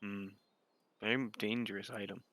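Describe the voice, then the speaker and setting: A man playing a tabletop game, joking around and quick to laugh. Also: on the low side, steady tone, background noise. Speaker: player.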